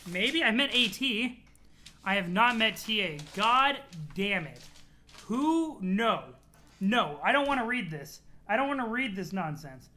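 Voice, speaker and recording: Brief: laid-back streamer reacting to chat, bright tone, quick laughs, casual swearing. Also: mid-range voice, big pitch swings. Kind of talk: live-streamed read-along with chat.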